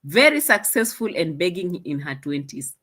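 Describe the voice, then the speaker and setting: A woman's voice: lowish voice, big pitch swings, moderate pace, a bit bright. A young Kenyan woman with a Kenyan accent, chatting in a casual commentary vlog in a mocking tone, laughing often. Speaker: vlogger.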